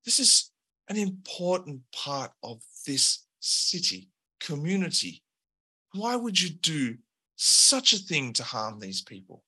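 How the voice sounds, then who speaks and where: A man's voice: fairly high pitch, very animated, takes it slowly, sharp tone, slightly rough, voice pushed up, heavily acted. A man voicing a stern male townsman who speaks up for his community. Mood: indignant.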